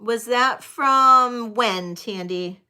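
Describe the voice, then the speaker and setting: A woman's voice: on the high side, extremely slow, bright, forceful tone, clear, resonant tone. A middle-aged woman hosting a live-streamed vintage jewelry sale, chatty and thinking aloud with many ums.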